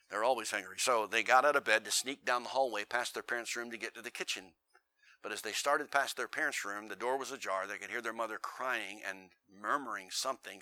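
A male preacher rushes through a dramatic, folksy story from the pulpit, earnest and plainspoken. His voice is tense and forceful, with a middle pitch. The sound is dry and close, with no room echo. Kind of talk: storytelling sermon.

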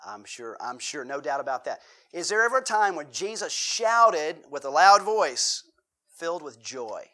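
A male pastor delivering a sermon in a relaxed, conversational manner. His voice sits a little high for a man, and he breaks up the preaching with joking asides. He keeps turning to the congregation with questions. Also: normal speed.

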